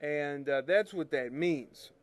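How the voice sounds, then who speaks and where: A man walks viewers through scanner settings in a loose, chatty tutorial. He talks slowly in a somewhat high voice, wanders off track and corrects himself, and throws in little jokes as he clicks around his screen. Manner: chatty, rambling, self-correcting, jokey. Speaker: photo retouching show host. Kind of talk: casual screen-share tutorial.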